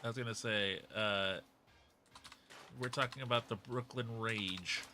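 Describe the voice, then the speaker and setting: A man's voice: lowish voice, fairly even intonation, unhurried, pushed and bright, a little hiss or hum. A man hosting a gaming livestream, riffing jokingly with friends in casual chat. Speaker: streamer host.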